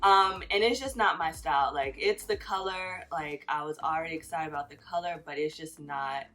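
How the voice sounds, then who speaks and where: A woman's voice: low voice, moderate pace, bright, forceful tone, soft background music. A woman in her thirties telling a personal story on her vlog in a chatty, casual way, filling her phrases with "like". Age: 30s. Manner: chatty, fills every phrase with "like". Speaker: vlogger.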